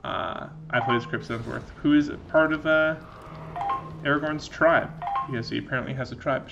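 A man's voice: mid-range voice, normal speed, vocal fry, a bit bright, highs cut off, a little hiss or hum. A young man giving rambling, sarcastic, profane commentary while playing a video game. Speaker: let's play gamer. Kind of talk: casual gameplay commentary.

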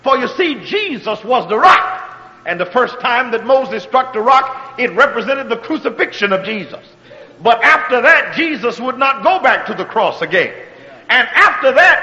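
A man preaching a sermon, checking in with his congregation and moving between quiet, drawn-out phrases and shouted exhortations. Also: very high-pitched, sing-song, long reverb tail, poor audio. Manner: call-and-response preaching, asks if the congregation is still with him.

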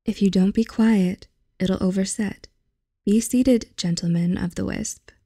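A woman's voice: mid-range voice, steady tone, unhurried, warm tone, no echo. A woman reading as an alarmed old ferryman. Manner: urgent, scolding cries.

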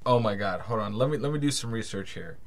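American dude reacting to a video, laughing a lot, voice swings all over. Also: male voice, fairly low pitch, fast talker, noisy background. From United States. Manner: excitable, laughing, exclamatory.

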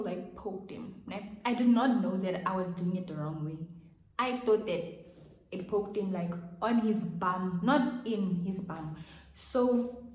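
A woman's voice: medium pitch, darkish tone. A young adult woman telling a storytime vlog in a chatty, rambling way with frequent restarts. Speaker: vlogger. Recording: echoey room.

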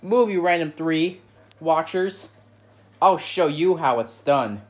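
A man's voice: on the high side, lively intonation, slow pace. A man voicing a boastful male toy dinosaur with a Canadian accent in a homemade toy comedy, cocky and showing off. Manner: cocky, show-off.

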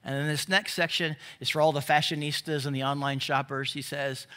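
Bright, high-voiced male pastor preaching. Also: little pitch movement, fairly quick. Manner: conversational, asks the crowd questions. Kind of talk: sermon. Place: church service.

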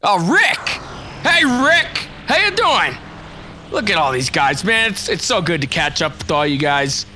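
Excitable high-voiced man gaming. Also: measured pace. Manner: excitable, shouting, playful. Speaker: gamer. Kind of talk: casual gameplay chat. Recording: clear background noise.

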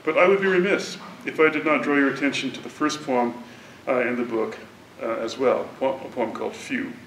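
Man giving a measured lecture introduction. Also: steady tone, fairly bright tone. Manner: measured, deliberate academic delivery. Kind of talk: prepared literary introduction. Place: university lecture hall. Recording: roomy hall from a distance, faint rumble.

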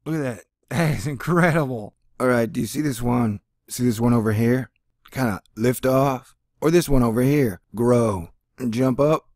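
An excitable man with a slangy, jokey manner, commenting casually over space footage and throwing in playful sound effects. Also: medium pitch, moderate pace, no room sound, studio quality. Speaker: host of a space commentary channel.

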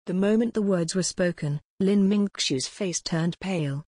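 A woman narrating an audiobook in an even storybook reading. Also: on the low side, a little slow, breathy edge, dry recording, clean studio sound. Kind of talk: scripted narration.

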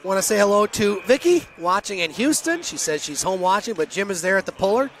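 A man calling hockey play-by-play in rapid, clipped phrases, with chatty asides to his partner and listeners. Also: high voice, lively intonation, fairly bright tone. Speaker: play-by-play announcer.

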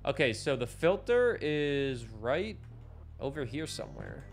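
Loud, animated male game streamer. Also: medium pitch, a little slow, creaky, music in the background. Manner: loud, animated, ranting and complaining. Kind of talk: casual live-stream commentary while playing.

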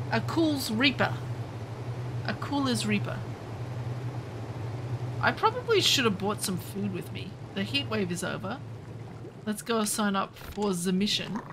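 Background noise sits under this woman's fairly high voice as she provides live commentary on her game. A streamer from the Southern Hemisphere, she's chatty throughout and gets excited each time she welcomes a viewer by name.

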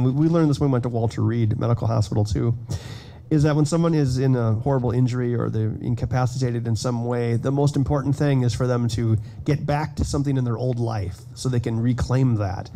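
A man giving a conference keynote in a casual, self-deprecating way, telling animated stories about his builds. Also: mid-range voice, slight background noise. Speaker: keynote speaker. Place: conference hall stage.

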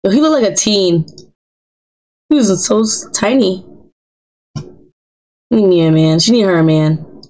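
A woman's voice: medium pitch, expressive, normal speed, long pauses, darkish tone, low-quality recording. A woman streaming a life simulation game, chatting in a playful, teasing way and talking back to the characters in slang. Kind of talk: playful live gameplay commentary.

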